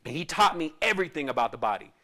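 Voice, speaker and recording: A man's voice: a little high, sing-song, very fast, sharp tone. A man who teaches spirituality tells a personal story in a casual, rambling way, often restarting and adding asides.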